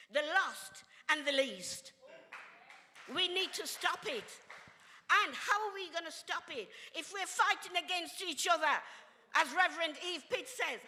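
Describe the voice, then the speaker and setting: An older woman, a reverend, speaks with a high, bright voice and a preacher's emphatic cadence. Her words ring out with a long reverb, as if from a large hall. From England. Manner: emphatic, preacherly, with exclamations and laughter. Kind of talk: impassioned speech at a community event.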